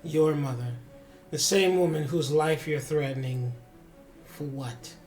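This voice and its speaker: A man's voice: fairly high pitch, measured pace, a little mellow, soft background music, lightly acted. A man voicing an older rogue who stands up to his angry son, firm and defiant.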